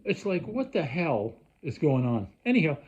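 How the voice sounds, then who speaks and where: A man rants at the camera, rambling and restarting as he gets worked up. His voice is husky, dark and a little raised in pitch. The recording sounds dull and lo-fi. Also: big pitch swings, moderate pace. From Canada. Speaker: vlogger. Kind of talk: rambling casual rant.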